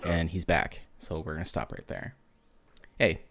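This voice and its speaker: A man's voice: a bass voice, normal speed, creaky. A man hosting a casual podcast, telling military stories with heavy swearing and frequent laughter. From United States. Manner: profane, animated storytelling with laughter. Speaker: podcast host. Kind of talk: casual storytelling chat.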